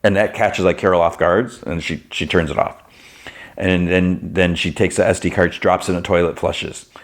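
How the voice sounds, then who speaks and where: Male podcast host, low voice, loose rambling recap delivery, heavy on filler words. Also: steady tone, moderate pace. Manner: rambling, fills with "like" and "you know", swaps in "fudging" for curses. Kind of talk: casual TV episode recap.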